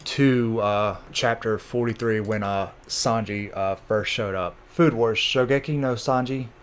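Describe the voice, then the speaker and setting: A man's voice: fairly low pitch, steady tone, measured pace, smooth. Chatty man recapping a comic. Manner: chatty, laughs often, stumbles over names. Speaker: channel host.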